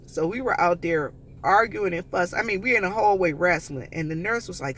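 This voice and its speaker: A man telling a story to his viewers in a casual vlog, chatty and animated, talking to them directly. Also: high voice, normal speed, hardly any pauses. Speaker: vlogger.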